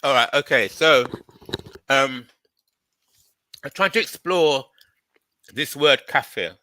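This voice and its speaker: Hesitant male speaker, very slow delivery, bright tense voice. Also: lowish voice, no room sound. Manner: halting, many fillers and restarts. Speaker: debate participant. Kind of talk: hesitant explanation.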